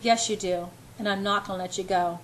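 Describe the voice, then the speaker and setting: A woman voicing a possessive, intense young man as a lover, in a low murmured delivery. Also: steady tone, a little fast, a little hiss or hum, close to an everyday voice, poor audio. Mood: intimate.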